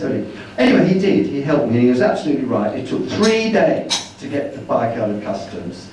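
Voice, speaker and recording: A man's voice: mid-range voice, big pitch swings, quick pace, hardly any pauses, darkish tone, slight background noise. A man giving a chatty, rambling slide-show talk about his travels, acting out the dialogue he quotes. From Britain. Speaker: speaker at a travel meeting. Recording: roomy hall, distant mic.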